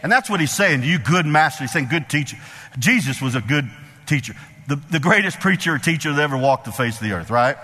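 A man's voice: a little high, animated, a little fast, pushed and bright. A man preaching a sermon as pastor, emphatic and repetitive, with call-and-response asides to the congregation. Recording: long hall reverb.

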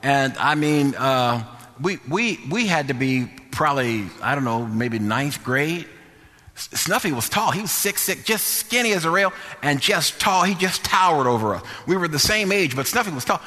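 A man preaching a sermon and telling a story, folksy and animated, repeating words as he goes. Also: on the high side, normal speed. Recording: long echoing hall reverb.

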